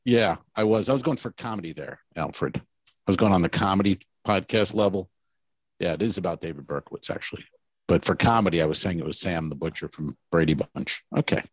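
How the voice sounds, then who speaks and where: A man with a lowish voice chats loosely on a comedy podcast, recorded close and dry with no room sound. He rambles through his stories with animated asides and quick quoted voices. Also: husky, no echo. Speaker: podcast co-host. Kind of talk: casual comedy podcast chat.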